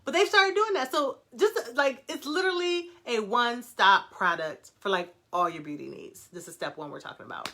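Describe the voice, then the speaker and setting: Fast-talking, animated woman on a livestream. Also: on the high side. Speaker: brand founder hosting a live Q&A. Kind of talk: casual livestream chat reading viewer comments.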